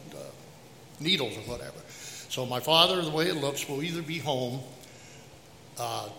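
A congregation member with a bright, clear tone, speaking in a reverberant hall with faint background noise. He is earnest and halting, and corrects himself as he goes. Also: mid-range voice. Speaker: congregation member giving a prayer update. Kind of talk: church sharing.

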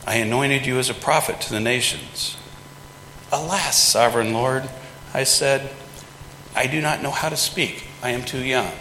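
A male pastor delivers a sermon in a relaxed, folksy way, slipping into playful voices for quoted lines. His voice is bright and forceful. It rings through a large church with a long, roomy reverb. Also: medium pitch, a little hiss or hum. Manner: folksy, conversational preaching with acted-out quotes. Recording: echoey hall with long reverb.

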